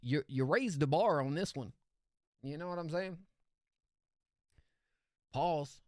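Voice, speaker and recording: Excitable young man reviewing songs. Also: a little high, slow, dry recording, studio quality. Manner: excitable, slangy, laughs often. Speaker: music review streamer. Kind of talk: live-stream song reaction.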